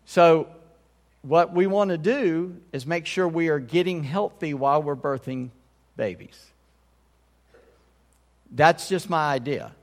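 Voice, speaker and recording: Slightly high-voiced preaching pastor, reverberant hall. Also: male voice. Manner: conversational, checks in with the congregation. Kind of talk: sermon.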